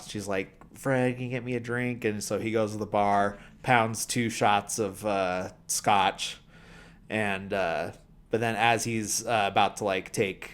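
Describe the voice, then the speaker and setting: A man hosting a podcast, retelling a film scene in a loose, rambling way, full of filler words and dry humour. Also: fairly low pitch. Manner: rambling, heavy on "like" and "you know" fillers. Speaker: podcast host. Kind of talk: casual film recap.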